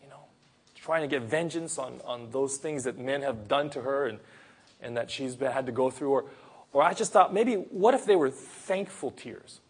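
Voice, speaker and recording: A man preaching a sermon, retelling a Gospel story in an earnest, storytelling way with pauses and sudden emphasis. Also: medium pitch, expressive, slightly rough.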